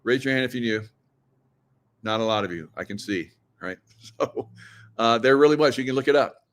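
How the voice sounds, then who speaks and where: A man's voice: mid-range voice, normal speed. A middle-aged man with a mid-range voice hosts a loose livestream monologue. He leans conspiratorial and keeps firing questions at his audience, and he chuckles at his own asides as he goes. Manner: conspiratorial, joking asides, laughs at own lines; talks straight to viewers, asks them questions. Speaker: show host.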